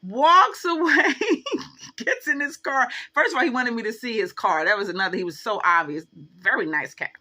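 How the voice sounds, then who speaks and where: A woman's voice: medium pitch, brisk, sharp tone. A woman telling a story to her channel in a casual, chatty way, full of fillers, acting out what each person said. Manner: chatty, filler-heavy, acts out the dialogue. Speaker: vlogger.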